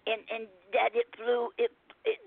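A woman's voice: fairly high pitch, completely flat delivery, gravelly, no room sound. Caller, woman, hesitant speech full of restarts, thin phone-line sound. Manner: halting, with many ums and restarts. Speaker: caller reading poetry. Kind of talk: casual phone chat and poem reading. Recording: tinny dry phone line.

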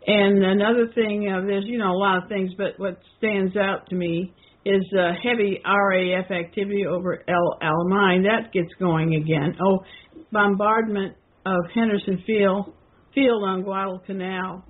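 A woman co-hosting a podcast, talking through a historical text in a casual, hesitant way with many pauses and restarts. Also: medium pitch, fairly even intonation, phone-quality sound. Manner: hesitant, with frequent fillers and restarts. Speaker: podcast co-host.

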